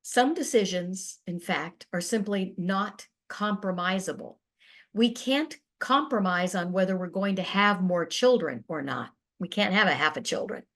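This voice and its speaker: A middle-aged woman, a family therapist, presenting a webinar in an earnest, measured way. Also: medium pitch, a bit bright. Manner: earnest, measured, with quoted dialogue acted briefly.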